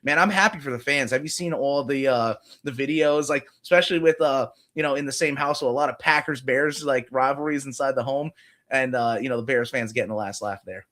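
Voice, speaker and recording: A man's voice: medium pitch, a little fast, a bit bright. A man co-hosting a sports betting podcast, talking casually and thinking aloud with lots of fillers. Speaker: podcast co-host.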